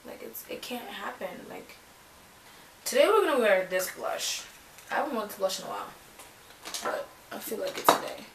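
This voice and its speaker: A woman's voice: medium pitch, animated, moderate pace, vocal fry, long pauses. Young canadian girl rambling through a makeup chat, kinda far from the mic, echoey room. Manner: rambling, chatty, lots of filler words. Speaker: beauty vlogger. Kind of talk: casual chat while doing makeup. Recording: roomy, distant mic, faint noise.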